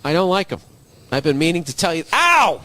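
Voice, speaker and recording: A man's voice: a little high, quick pace. A man doing a crude, swaggering comedic rant as a solo podcast host, swearing freely and laughing at his own jokes.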